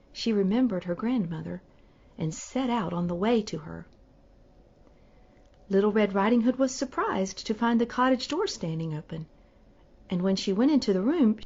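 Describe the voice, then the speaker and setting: Woman storyteller, read-aloud fairy tale, measured, middling pitch, dull lo-fi sound. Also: darkish tone.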